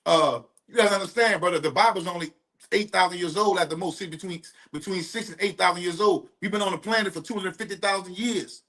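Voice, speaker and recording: A man's voice: high-pitched, quick pace, fairly bright tone. A man co-hosting a podcast, giving blunt, profane opinions in casual street talk. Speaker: podcast co-host.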